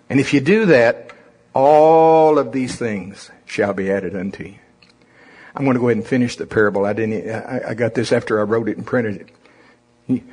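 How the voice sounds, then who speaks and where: A pastor delivering a sermon with impassioned, rising-and-falling preaching. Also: male voice, medium pitch, breathy edge.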